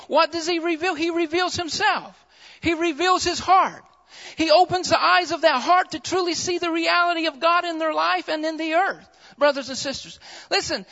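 A man with a very high voice delivers a sermon, circling back on his phrases and posing rhetorical questions to the congregation. The recording sounds muffled and lo-fi. A long hall reverb trails behind every line. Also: pushed and bright. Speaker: preacher.

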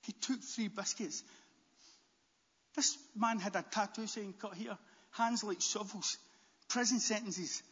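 Husky pastor preaching in an echoey hall. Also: male voice, high voice, takes it slowly, pauses often. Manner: animated preaching with stammered restarts, rising to near shouts. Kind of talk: sermon. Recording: dull, long-echo church hall.

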